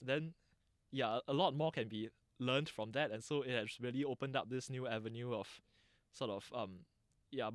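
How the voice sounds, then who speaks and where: A man's voice: medium pitch, no room sound, clean studio sound. A man with a Singaporean English accent, answering interview questions in a thoughtful, lecturing way with frequent restarts and fillers. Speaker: interviewee, dialect channel founder.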